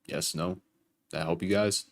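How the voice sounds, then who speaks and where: A man's voice: sits low, fairly even intonation, a little slow. A young man hosting a live trading stream, casually talking chat through his trades with some profanity. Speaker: livestream trading host.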